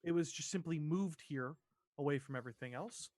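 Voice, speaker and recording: High-voiced man narrating as dungeon master. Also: a little mellow, dry recording. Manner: descriptive, halting, with many fillers. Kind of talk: narrating a tabletop game.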